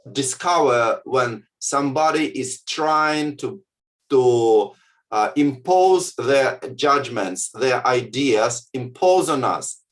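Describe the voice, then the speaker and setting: A man from the Soviet Union giving a lecture on contemplative practice and leading a guided exercise, speaking haltingly with many fillers and frequent "yeah?" check-ins. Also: mid-range voice.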